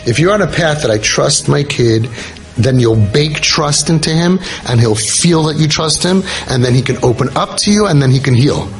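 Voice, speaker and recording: A man's voice: on the high side, expressive, moderate pace, soft background music, low-quality recording. Earnest man telling a story. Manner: earnest, repeats points for emphasis. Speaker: parenting podcast host. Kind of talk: casual talk, telling a true story.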